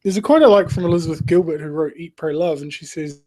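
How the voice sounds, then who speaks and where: Earnest, halting male podcast host. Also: on the high side. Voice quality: emotional, earnest. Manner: halting, with frequent restarts and soft laughs. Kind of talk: reflective podcast monologue.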